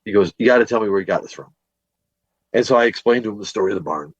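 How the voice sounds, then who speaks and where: Tired from teaching all day, a paranormal investigator from Northwest Indiana rambles through a long ghost story on a podcast, stumbling over fillers and restarts. He speaks rapid-fire in a lowish voice with a breathy edge, in a muffled recording with no echo.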